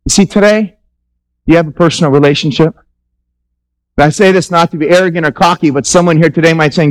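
A man's voice: on the high side, brisk, poor audio. A man pastor preaching a sermon in a church, conversational and emphatic, asking the congregation questions.

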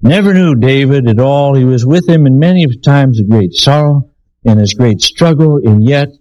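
A man's voice: medium pitch, moderate pace, dark tone, no room sound, low-quality recording. A man preaching a sermon in a folksy storytelling way, with many fillers, acting out the people in his stories.

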